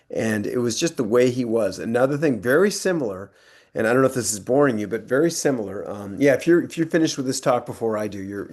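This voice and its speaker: A man's voice: mid-range voice, darkish tone. A man in his sixties from the United States, telling anecdotes as a guest speaker in a rambling, conversational way. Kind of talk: anecdotal storytelling talk.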